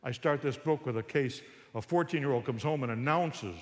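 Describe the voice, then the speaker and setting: A man giving a humorous talk on Christian parenting to a church audience, an animated storyteller who acts out parents and kids. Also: mid-range voice, normal speed, big-room sound.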